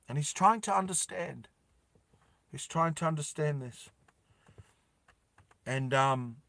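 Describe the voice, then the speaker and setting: A man narrating a story dramatically, repeating lines and dropping soft for emotional moments. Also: a little high, no room sound.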